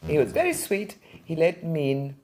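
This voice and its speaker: Older woman, collector recounting anecdotes in an interview; husky, mellow voice, lively storyteller. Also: low-pitched, normal speed. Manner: animated, vivid storyteller. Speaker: art collector and museum founder.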